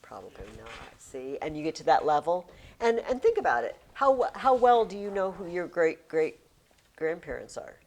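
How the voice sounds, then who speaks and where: A woman's voice: on the low side, sing-song, normal speed, a little mellow, a little hiss or hum. A woman teacher leading a classroom poetry lesson, reading verse aloud and chanting the rhythm of the lines.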